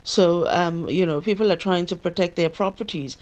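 Conversational woman reporter, lowish voice. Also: normal speed, darkish tone, lo-fi sound. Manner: conversational, many fillers. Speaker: field reporter. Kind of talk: live news report.

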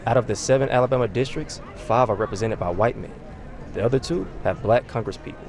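A man reading a scripted news report from the field in a brisk broadcast manner. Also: mid-range voice.

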